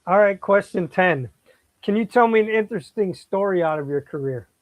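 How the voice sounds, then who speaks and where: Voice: medium pitch, lively intonation, normal speed, dry recording. Podcast host, brief questions, matter-of-fact, dry sound. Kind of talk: asking interview questions.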